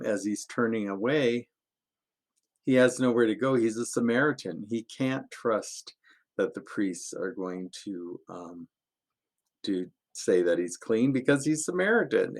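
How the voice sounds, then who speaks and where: A male pastor with a fairly low voice tells stories in a lively, playful manner. He laughs often as he talks, keeping it light and friendly for a young audience. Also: vocal fry. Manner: animated, laughing, playful storyteller. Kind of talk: children's sermon storytelling.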